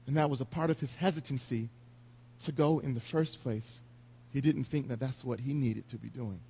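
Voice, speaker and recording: A man's voice: mid-range voice, moderate pace, gravelly, warm tone, breathy edge. A man preaching a sermon in an earnest, confessional way, retelling scripture in everyday words.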